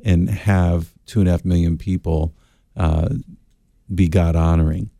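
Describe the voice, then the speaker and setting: A middle-aged man answering Bible questions as a radio guest, earnest and halting with fillers. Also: sits low, steady tone, creaky, warm tone, no echo, studio quality.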